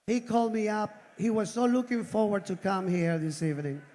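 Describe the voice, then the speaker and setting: A high-voiced man leads a ceremony speech, calling out names and thanking people with effusive enthusiasm. His voice rings through a large hall with a long reverb tail. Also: fairly even intonation, a little fast. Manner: effusive, warm thanks and roll calls of names. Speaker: event organizer and host. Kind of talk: ceremony speech to a live audience. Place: large indoor event hall.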